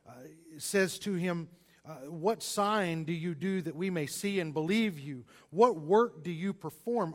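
Emphatic pastor with a higher voice. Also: male voice. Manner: emphatic, stresses single words, shifts between loud and quiet. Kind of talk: sermon.

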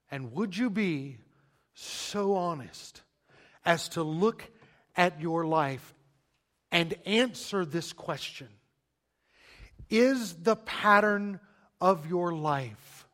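A pastor delivers a sermon, addressing his listeners as "beloved" and posing rhetorical questions. His slightly high voice swings between loud emphasis and a hushed near-whisper, with long dramatic pauses.

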